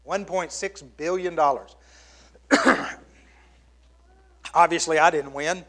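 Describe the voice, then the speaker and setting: A middle-aged man preaching a sermon as pastor, swinging from loud exclamations down to hushed, near-whispered lines. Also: on the high side, takes it slowly.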